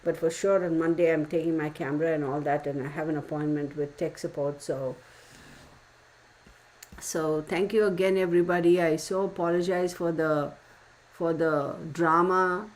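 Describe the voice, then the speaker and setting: A middle-aged woman chatting casually with her live-stream viewers, animated and gossipy, full of exclamations. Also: low-pitched, normal speed. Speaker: tarot reader answering live chat.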